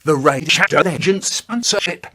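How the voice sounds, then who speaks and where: A man spinning a surreal, nonsensical comic tale, slipping from deadpan into sudden outbursts. His slightly higher voice jumps around a lot as he tells it. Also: normal speed, a little hiss or hum. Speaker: comedic storyteller. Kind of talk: absurd comic monologue.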